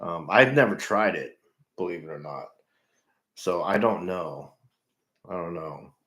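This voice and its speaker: Deep-voiced man, earnest and halting. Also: expressive, a bit bright. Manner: earnest, halting, repeats himself. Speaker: livestream host in recovery. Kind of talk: casual livestream chat with viewers. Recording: echoey room.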